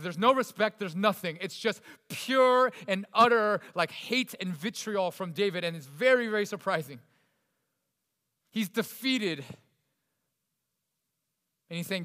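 A male preacher with a high, bright, ringing voice delivers a sermon in a casual, expressive style. His talk swings from loud emphasis to hushed asides, and a long hall reverb trails behind every phrase. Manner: expressive, conversational preaching with dramatic swings in loudness.

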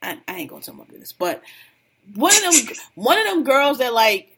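A woman's voice: sits high, sing-song, brisk, creaky, a bit bright, slightly rough. A woman co-hosting a casual podcast, gossiping bluntly about reality TV with lots of slang and laughter. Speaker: podcast co-host.

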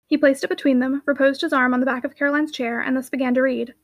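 High-voiced woman reading a novel aloud. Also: fast talker, hardly any pauses. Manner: clear, even reading. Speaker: audiobook reader. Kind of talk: scripted narration.

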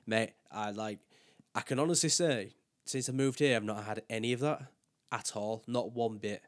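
A young man speaks in a lowish voice as a podcast guest. He chats candidly and swears freely, often breaking off mid-thought to restart. The sound is dry and close, with no room around it. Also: moderate pace, dry recording. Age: young adult. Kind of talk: casual chat.

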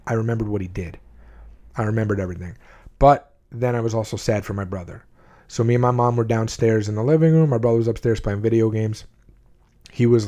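A man's voice: lowish voice, warm tone. A man in his forties casually telling a personal story, rambling with lots of "you know" and "like" and frequent restarts.

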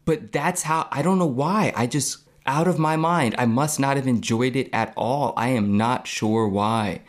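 A man's voice: mid-range voice, measured pace. A young adult man co-hosting a podcast in casual chat, self-deprecating and reflective as he tells stories. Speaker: podcast co-host.

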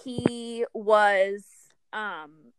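A woman's voice: mid-range voice, fairly even intonation, drawn-out words, clear, resonant tone, dry recording. A woman hosting a casual podcast chat, telling a story in a chatty, giggly way with many fillers. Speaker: podcast host.

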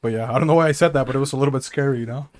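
A man's voice: medium pitch, very fast, darkish tone. A young man co-hosting a podcast, telling rambling, profane stories in casual chat and often laughing at them. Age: young adult. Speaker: podcast co-host.

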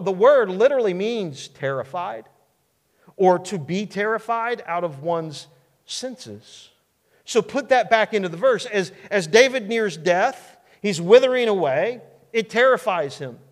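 A male pastor preaching a sermon in an earnest, emphatic way with dramatic pauses. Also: high voice. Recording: long hall reverb.

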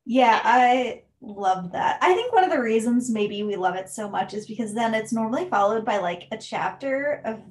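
A woman's voice: on the high side, expressive, moderate pace, hardly any pauses, darkish tone. A woman in casual chat, agreeing and laughing along with a friend about books.

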